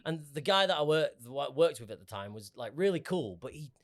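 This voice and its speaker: A British man co-hosting a podcast, a loud, animated storyteller in casual chat. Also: fairly high pitch, fairly quick. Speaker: podcast co-host.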